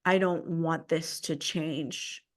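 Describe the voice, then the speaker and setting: A woman's voice: low voice, steady tone, takes it slowly. A woman podcast host telling a personal story in an earnest, emphatic way. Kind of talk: casual conversation.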